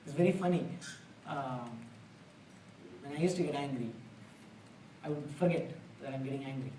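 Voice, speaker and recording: In a temple hall, a man gives a spiritual talk in a conversational way, earnest and plain-spoken, drawing on homely examples. His voice is medium in pitch and warm, at a moderate pace, with a little hiss or hum. The distant mic makes the hall sound roomy.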